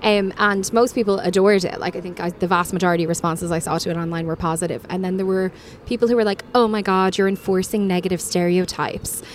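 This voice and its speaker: Fast-talking woman with American-Irish accent. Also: lowish voice, fairly even intonation, a little hiss or hum. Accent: mixed American and Irish. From Ireland. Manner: quick and chatty, with fillers. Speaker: podcast host. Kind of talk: casual interview chat.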